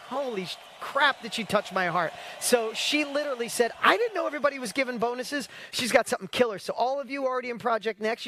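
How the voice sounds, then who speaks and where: A man hosting an online business challenge, talking in a casual, energetic motivational style and often asking his audience rhetorical questions. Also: high voice, no room sound. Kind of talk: casual motivational livestream talk.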